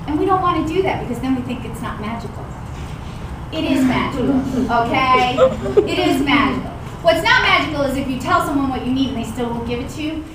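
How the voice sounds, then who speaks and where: High-voiced woman lecturing in an echoey hall. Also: fast talker, few pauses, far from the mic, very noisy. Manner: animated, acts out quoted voices, laughs often. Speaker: college instructor. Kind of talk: classroom lecture. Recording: echoey classroom recorded from afar.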